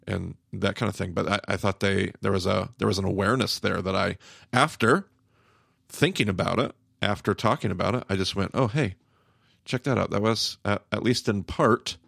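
A man co-hosting a podcast, talking thoughtfully and haltingly as he searches for words. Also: low-pitched, fairly even intonation, creaky, a bit bright, husky, dry recording, studio quality. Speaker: podcast co-host. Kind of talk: casual discussion.

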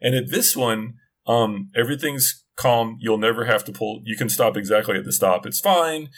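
At normal speed and medium pitch, a middle-aged man casually chats on a podcast. He tells a long, meandering story, cutting himself off with frequent restarts and tangents.

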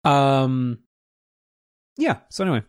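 A man's voice: medium pitch, very animated, slow pace, clean tone, no room sound, clean studio sound. A man hosting a podcast in casual chat, rambling with many restarts and fillers. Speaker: podcast host.

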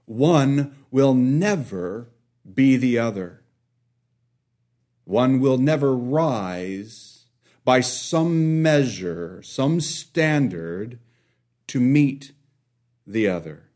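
A man delivers a sermon at an unhurried pace, letting long pauses hang between phrases. His voice sits at a middle pitch and often sinks to a near hush to stress a point. He is a father and speaks with a deliberate pulpit manner. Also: expressive. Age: young adult or middle-aged, a father. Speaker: preacher.

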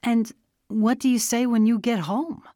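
A woman voicing a calm, probing teenage boy who questions his friend in a measured way. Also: fairly high pitch, dry recording, clean studio sound, voice pushed up, natural voice. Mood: pressing. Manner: questioning, measured, gently pressing.

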